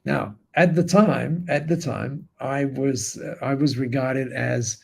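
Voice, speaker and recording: An Australian man, a podcast guest, telling a story in an animated way with frequent restarts and tag questions. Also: mid-range voice, takes it slowly, gravelly, breathy edge. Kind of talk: storytelling in an interview.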